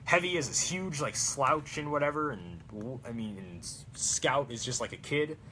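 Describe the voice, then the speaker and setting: A young man chatting casually while making a prop, rambling and excitable with lots of fillers. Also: medium pitch, moderate pace, a little hiss or hum. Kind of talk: casual crafting vlog chat.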